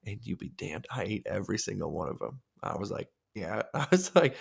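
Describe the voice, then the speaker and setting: A man's voice: lowish voice, big pitch swings, a little fast, creaky, few pauses, slightly rough. Man, podcast co-host, crude humor, joking, loose casual storytelling. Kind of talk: casual chat.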